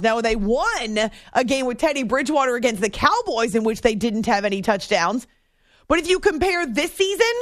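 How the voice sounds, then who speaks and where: High-voiced, enthusiastic woman radio host. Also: no room sound, clean studio sound. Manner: enthusiastic, emphatic, talks to callers. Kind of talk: animated sports talk radio. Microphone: studio microphone.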